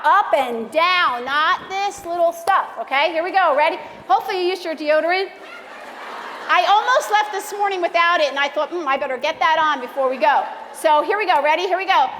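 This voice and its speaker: A high-pitched woman gives a casual devotional talk at a church ladies' gathering. She is chatty and self-deprecating and jokes easily with the room. Her voice carries a long reverb from a big sanctuary. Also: a bit bright, a little hiss or hum. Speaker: speaker at a church ladies' meeting. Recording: long reverb of a large hall.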